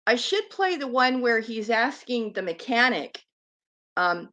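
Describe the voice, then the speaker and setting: A woman talks over clips in a slow, drawn-out way, her pitch swinging widely as she mocks and swears. She sits a little above other women in pitch. The recording is dull and lo-fi. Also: big pitch swings, sharp tone. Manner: scornful, sarcastic, swears freely. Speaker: commentary vlogger. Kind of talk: mocking commentary on clips. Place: lives on an island.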